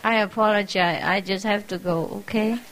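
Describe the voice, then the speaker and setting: A woman's voice: mid-range voice, steady tone, normal speed, a bit bright, slight background noise, low-quality recording. A woman spiritual teacher giving an informal farewell talk to her followers, speaking simple English that is not her first language and laughing often in an affectionate, teasing way. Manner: simple, non-native English phrasing.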